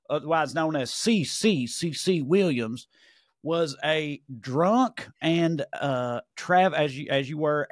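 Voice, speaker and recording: A man with a Southern American accent co-hosts a casual podcast, spinning rambling, profane, jokey stories. His voice sits a bit high. The recording is close and dry. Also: dry recording. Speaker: podcast co-host. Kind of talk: casual comedic chat.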